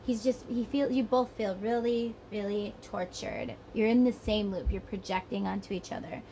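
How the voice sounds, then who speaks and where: Speaking in a mellow, steady, medium-pitched voice at normal speed, a Southern US tarot reader rambles through a casual psychic reading. The low-quality recording has a little hiss or hum, and she chats along, sometimes acting out the people she mentions.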